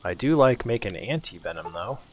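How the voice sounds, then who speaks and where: A man giving relaxed, casual let's-play commentary, musing to himself as he explores. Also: on the low side, brisk, noisy background. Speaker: gameplay commentator.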